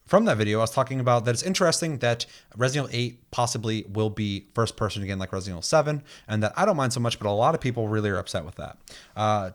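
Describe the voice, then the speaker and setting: A man co-hosting a casual gaming podcast, talking in an animated way, ranting and swearing freely and acting out the people he quotes. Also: on the low side. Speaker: podcast co-host. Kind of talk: casual chat about video games.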